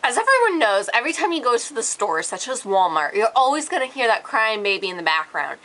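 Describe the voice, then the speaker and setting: A woman's voice: fairly high pitch, very animated, fast, fairly bright tone, low-quality recording. A woman of about nineteen ranting casually to her viewers, irritated and sarcastic, with lots of "like" fillers. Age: late teens. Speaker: vlogger. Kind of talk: casual rant to camera.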